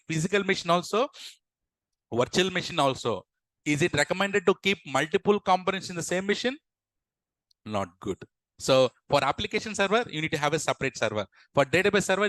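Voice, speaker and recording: A young man teaches a live online class, pausing often to quiz his students and acting out small scenes. His voice sits a little high. The sound is dry and close, with no room around it. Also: fairly bright tone, no room sound, rough recording. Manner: asks the class questions and acts out dialogues. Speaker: instructor.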